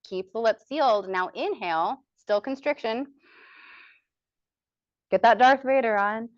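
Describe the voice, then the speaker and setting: A woman's voice: on the high side, a little slow, dry recording, highs cut off. Chatty American woman leading yoga training. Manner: chatty, encouraging, demonstrates breathing aloud. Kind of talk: teaching a yoga training session.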